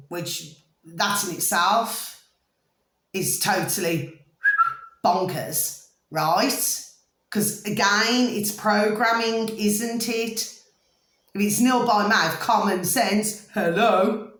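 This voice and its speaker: In an echoey room at home, a woman vlogger chats casually to camera in a mid-range, slightly bright voice. She keeps making sure the listener follows along.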